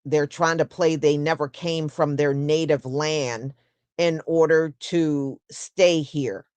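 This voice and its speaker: A woman hosting a casual solo livestream, talking in an unhurried, conversational way and answering viewers with "mm-hmm" and "yeah". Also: low-pitched, fairly even intonation, darkish tone, dry recording. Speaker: host.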